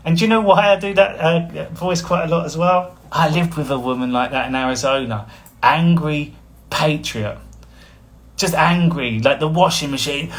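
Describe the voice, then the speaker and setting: A man's voice: a little high, normal speed. A man, a spiritual coach talking casually on a live stream, rambling and blunt, with frequent chuckles. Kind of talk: casual livestream talk.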